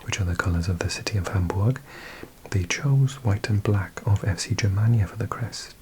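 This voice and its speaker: A man with a Welsh accent, hosting an ASMR video and reading aloud in a slow, hushed mix of whisper and soft speech. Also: lowish voice, background noise. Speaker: ASMR host.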